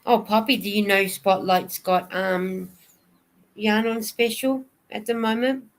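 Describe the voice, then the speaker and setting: A woman's voice: medium pitch, flat delivery, slow. A woman hosting a casual livestream, chatting and answering viewer comments. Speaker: knitting vlogger hosting a livestream.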